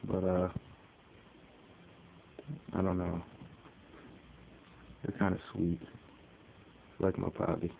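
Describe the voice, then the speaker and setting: A man's voice: deep voice, completely flat delivery, takes it slowly, gravelly, pauses often, a little hiss or hum. A man from Connecticut rambling casually about his pet in a phone-recorded vlog, with many fillers. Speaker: pet owner. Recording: tinny phone audio with faint ambience.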